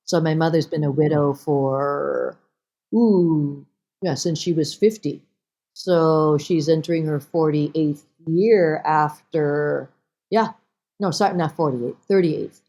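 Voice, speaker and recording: A woman with a low voice talks slowly as a podcast guest. She's an actress in a laid-back interview, animatedly recounting stories and playing out lines of dialogue.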